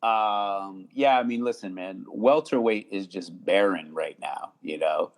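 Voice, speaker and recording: A man talking casually as a podcast guest, halting with many restarts and fillers. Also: sits low. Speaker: guest attorney.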